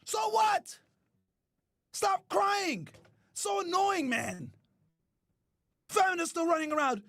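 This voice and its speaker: A man hosting a podcast, ranting loudly with profanity, often shouting and mocking others in whiny put-on voices. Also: extremely high pitch, lively intonation, takes it slowly, pauses often, dry recording, studio quality. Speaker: podcast host. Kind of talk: ranting commentary.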